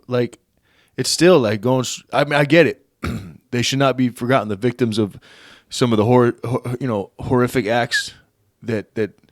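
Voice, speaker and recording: Young guy ranting on his podcast, lots of swearing, lowish voice, dead dry mic. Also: dry recording. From United States. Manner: profane, rambling, looks things up on air and reads aloud haltingly. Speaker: podcast host. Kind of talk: casual solo podcast rant.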